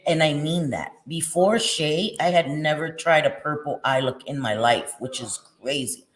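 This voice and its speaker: A woman in her forties chatting casually with viewers while doing her makeup, playful and quick to laugh. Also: low-pitched. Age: 40s. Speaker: beauty vlogger.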